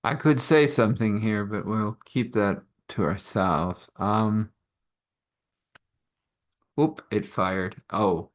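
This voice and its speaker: A man's voice: fairly low pitch, slow, long pauses. A man telling an improvised story in a rambling, chuckling way, with many fillers.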